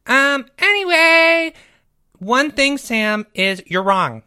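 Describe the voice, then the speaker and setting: A woman's voice: sits high, sing-song, slow pace, pushed and bright, heavily acted. A woman voicing a goofy, boastful young male podcaster who rambles and stammers and insists he never cries. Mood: defensive. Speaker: podcast co-host. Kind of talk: comedic podcast banter.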